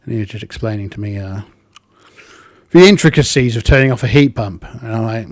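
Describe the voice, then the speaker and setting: A man's voice: on the low side, a little fast, dry recording. A man narrating his solo tabletop game, thinking aloud with plenty of ums.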